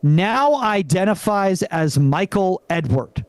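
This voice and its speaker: A man's voice: high-pitched, lively intonation, slow pace, clean tone, dry recording. A man imitating his middle-aged mother in a stand-up bit. She sounds blunt and matter-of-fact.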